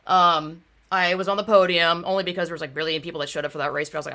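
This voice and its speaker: Heated, blunt woman with a bright voice. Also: on the low side, steady tone, racing. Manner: blunt, swears a lot, gets heated. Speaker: former bike racer. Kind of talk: casual conversation.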